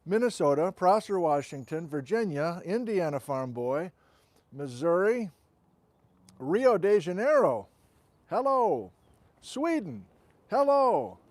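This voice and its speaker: High-sitting and darkish, this host's voice swings widely in pitch as he takes things slowly and pauses often, with no echo. He's running a casual outdoor livestream on a wireless mic, greeting viewers and reading out their hometowns.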